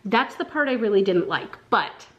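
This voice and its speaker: A woman with a Southern American accent chatting casually in a vlog, gushing and excitable, with lots of fillers. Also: medium pitch, moderate pace, dull audio. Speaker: vlogger.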